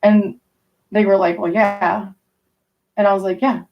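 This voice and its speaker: A woman's voice: mid-range voice, level tone, unhurried, far from the mic, dull audio. A woman telling rambling, profane stories in casual chat with her stream audience. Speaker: livestreamer talking to chat.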